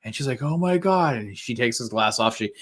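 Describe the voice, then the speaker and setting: A man's voice: mid-range voice, lively intonation, fairly quick, breathy edge. A man co-hosting a casual live podcast, animatedly retelling movie scenes and acting out the characters' lines with laughter. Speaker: co-host.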